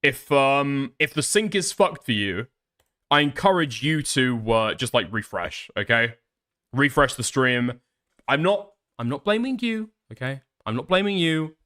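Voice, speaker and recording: Streamer guy swearing at chat, bouncy pitch all over. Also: measured pace. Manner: sweary, animated, talking to chat. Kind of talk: casual livestream chat.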